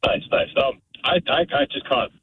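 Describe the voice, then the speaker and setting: A man calling in to a radio show, asking his question in a hesitant, halting way over the phone. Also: mid-range voice. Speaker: caller. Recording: tinny phone line with faint noise.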